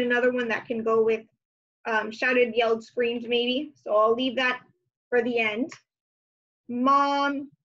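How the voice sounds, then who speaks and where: A woman teacher walking young children through homework, thinking aloud with gentle hums and fillers. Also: fairly high pitch, dull audio.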